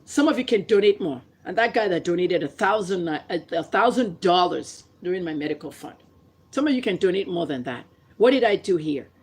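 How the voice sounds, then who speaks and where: Husky, fired-up Nigerian woman ranting. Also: fairly low pitch, lively intonation, a little mellow. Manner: impassioned, combative, rapid-fire rhetorical questions. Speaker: vlogger and commentator. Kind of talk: opinion livestream rant.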